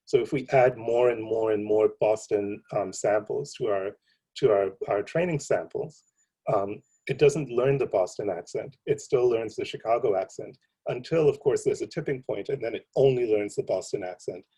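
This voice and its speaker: A man, a computer science professor, giving a seminar lecture in a relaxed, conversational way, full of ums and you-knows. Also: on the low side, normal speed, husky, rough recording.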